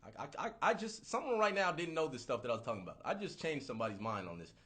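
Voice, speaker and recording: A man's voice: mid-range voice, sing-song, fast talker, a bit bright. Profane rambling man on a livestream. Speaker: livestream host. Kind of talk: casual livestream rant.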